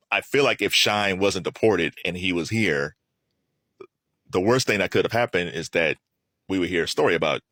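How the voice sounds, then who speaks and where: A man giving casual solo commentary, chatty and animated, laughing often and restarting his sentences. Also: low-pitched, moderate pace, dry recording, studio quality.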